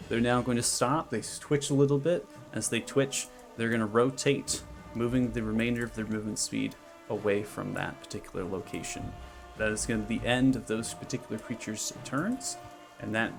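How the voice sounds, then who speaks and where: A man's voice: medium pitch, creaky. A man narrating as game master, describing monster moves step by step.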